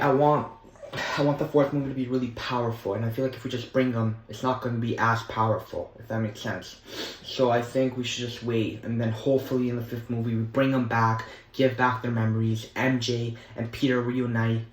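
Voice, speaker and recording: A young man chatting casually as a vlogger, rambling and enthusiastic, with lots of filler words. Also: mid-range voice. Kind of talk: casual chat. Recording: echoey room.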